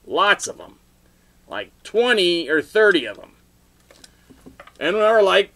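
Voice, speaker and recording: A middle-aged man rambling through a story for his video blog, with sudden loud outbursts and laughter along the way. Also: high-pitched, sing-song, slow pace, long pauses. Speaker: vlogger telling stories.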